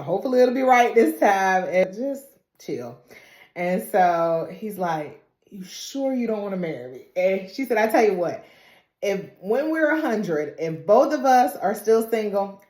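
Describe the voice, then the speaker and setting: A woman recapping a TV episode in casual speech with a dialect, acting out the characters' lines with laughter. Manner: animated retelling, acting out characters' lines with big pitch jumps and laughs. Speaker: recap vlogger. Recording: echoey room.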